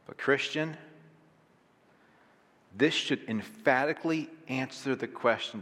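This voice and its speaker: A man's voice: medium pitch, slow, fairly bright tone. A man, a pastor, preaching a sermon in a conversational way with rhetorical questions, in a church sanctuary. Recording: long reverb of a large hall.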